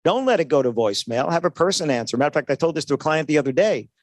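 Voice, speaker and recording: A man's voice: fairly high pitch, lively intonation, racing, dry recording. A man giving a sales seminar at a trade show, talking conversationally and often checking in with "right?" while acting out little dialogues. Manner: conversational, keeps asking "right?", acts out dialogues. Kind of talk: motivational sales talk to an audience.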